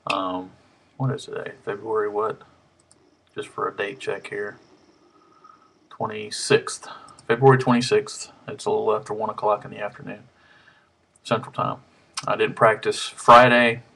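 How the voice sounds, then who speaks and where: This harmonica hobbyist's casual home vlog, captured by a webcam mic, wanders along with many ums and restarts. He speaks on the low side at a moderate pace, gravelly, pushed and bright with little pitch movement, pausing often and a bit out of breath.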